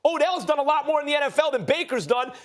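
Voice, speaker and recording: A man making rapid-fire, argumentative rebuttals as a host on a televised sports debate show. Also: very high voice, lively intonation. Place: TV studio.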